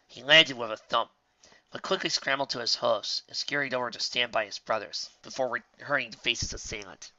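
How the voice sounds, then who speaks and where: Bright-voiced man reading a storybook. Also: mid-range voice, dry recording. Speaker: audiobook reader. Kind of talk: fan fiction audiobook narration. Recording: dull lo-fi dry recording.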